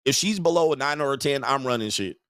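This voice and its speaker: A man's voice: mid-range voice, lively intonation, quick pace, fairly bright tone, smooth, no echo, clean studio sound. Crude, mocking man hosting a rant. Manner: crude, mocking, laughs often. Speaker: show host. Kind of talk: livestream rant.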